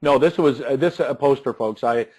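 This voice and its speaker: Husky man telling stories, chuckling. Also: mid-range voice, normal speed, darkish tone, rough recording. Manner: chuckling, restarts and repeats words. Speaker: success coach and speaker. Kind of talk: animated storytelling interview.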